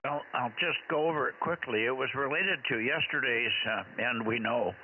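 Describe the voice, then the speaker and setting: Man, ham radio net chat, rambling, fillers, tinny radio, faint hiss. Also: mid-range voice. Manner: rambling, halting with many fillers.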